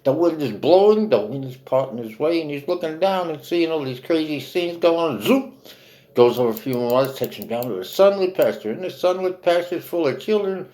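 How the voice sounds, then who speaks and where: A man spins a holiday tale in rapid hipster jive, his voice sitting a little high. He swoops from hushed spooky passages to big dramatic bursts. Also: low-quality recording. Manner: hip slang, lively and dramatic. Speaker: storyteller. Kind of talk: jive-slang storytelling.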